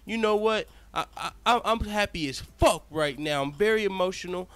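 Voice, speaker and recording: A man's voice: a little high, moderate pace, no room sound, lightly acted. A man doing a profane gloating fighter. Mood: gleeful. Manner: profane, gloating, loud bursts. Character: brash boastful adult male fighter gloating.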